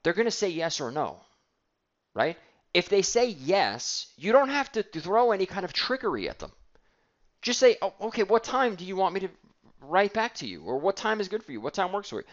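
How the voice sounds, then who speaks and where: A man's voice: high voice, very animated, brisk, dull audio. A man giving a blunt sales training talk, acting out calls and mocking timid salespeople.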